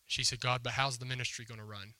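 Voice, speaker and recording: A man preaching to a congregation, retelling a story and voicing its lines with conversational emphasis. His voice is strikingly bright and forceful. The sound is close and dry, with little room echo. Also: mid-range voice, flat delivery, quick pace. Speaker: pastor. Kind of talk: sermon. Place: church hall before a congregation.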